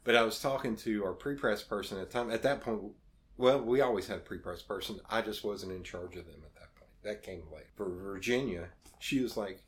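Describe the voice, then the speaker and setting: A man's voice: on the low side, a little fast, a little hiss or hum. A man telling casual stories as a podcast guest, acting out the voices he quotes and swearing freely. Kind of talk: casual storytelling.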